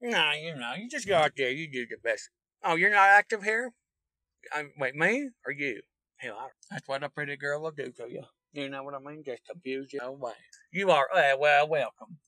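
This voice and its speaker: A man's voice: a little high, animated, moderate pace, pushed and bright, no room sound, poor audio. A man voicing a crude, chatty Kansas hillbilly who rambles and swears in a folksy drawl while driving his car. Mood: rambling.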